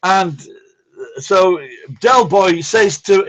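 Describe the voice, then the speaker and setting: A man's voice: high-pitched, a little slow, fairly bright tone. A man, hosting a casual live-stream chat, rambling, blunt and swearing constantly. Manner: rambling, blunt and heavily profane.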